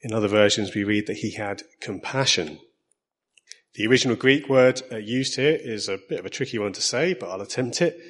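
Husky-voiced man preaching with an Essex accent. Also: fairly low pitch. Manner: measured, earnest, slows to stress key lines. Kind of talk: sermon.

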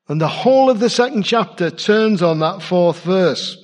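A man's voice: high-pitched, expressive, measured pace, few pauses. Man preaching in a reverberant hall. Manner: conversational, asks the congregation questions. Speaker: pastor. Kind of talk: sermon. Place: church.

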